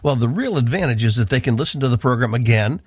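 A man's voice: mid-range voice, animated, fast talker, husky, dry recording. A man from the northeastern United States, a radio Bible teacher giving an earnest, emphatic devotional talk into a studio microphone.

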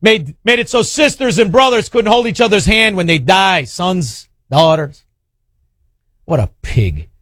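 A man's voice: high voice, animated, unhurried, a bit bright, dry recording, clean studio sound. A man hosting a call-in talk show, blunt and heated as he rants. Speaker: radio talk show host.

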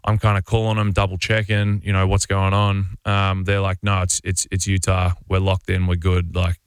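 Low, flat-voiced Australian man. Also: moderate pace, clear, resonant tone, dry recording. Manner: rambling, relaxed, full of "like" and restarts. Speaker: professional basketball player, radio guest. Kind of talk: casual storytelling in a radio interview.

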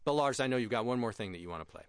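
A man's voice: mid-range voice, animated, rapid-fire, dry recording, studio quality. A middle-aged man hosting a radio music show, chatting casually and enthusiastically about songs, often laughing at himself.

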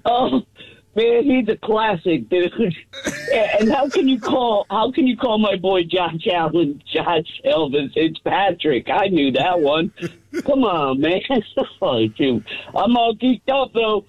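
A man calling in to a sports radio show, excited and laughing as he chats quickly about his team. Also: high-pitched. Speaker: caller. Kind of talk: casual call-in chat. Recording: tinny phone line.

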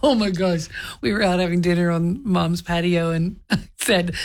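A middle-aged woman co-hosting a morning radio show, telling stories in a giggly, animated way. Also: fairly low pitch, normal speed. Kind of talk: casual on-air banter.

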